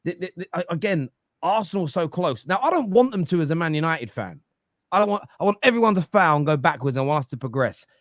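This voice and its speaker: A man's voice: on the high side, animated, fast, fairly bright tone, no echo, clean studio sound. Emphatic, lecturing male football pundit. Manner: emphatic, lecturing, repeats words. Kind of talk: animated football opinion talk.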